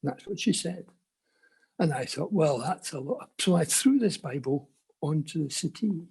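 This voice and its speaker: An older man telling his personal faith story in an earnest storytelling manner with quiet asides. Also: on the high side, expressive, moderate pace, vocal fry, husky. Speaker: conference speaker. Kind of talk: personal testimony.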